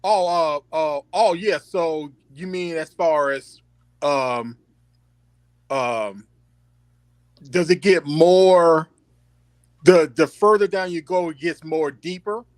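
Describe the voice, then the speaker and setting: Slow, hesitant man on a video call. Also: fairly high pitch, no echo. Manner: hesitant, many fillers. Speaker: student. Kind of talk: online language class.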